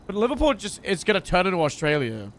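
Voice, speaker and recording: High-voiced man hamming up slang accents. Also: wildly swooping pitch, fast talker, fairly bright tone, a little hiss or hum. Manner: swearing, trying out exaggerated British slang accents. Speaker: live streamer. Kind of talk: casual live-stream chat.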